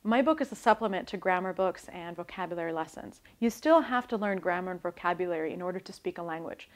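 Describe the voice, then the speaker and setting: Calm woman explaining language learning. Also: medium pitch. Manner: calm, explanatory, demonstrates pronunciation. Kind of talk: scripted instructional talk.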